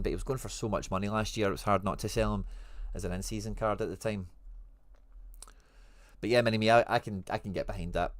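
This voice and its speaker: A Scottish man hosts a relaxed livestream, reading out viewer comments and answering with slang and friendly teasing. His voice sits on the low side. The sound is dry and close, with no room echo. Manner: chatty, reads out viewer comments and answers them. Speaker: livestream host. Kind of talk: casual livestream chat.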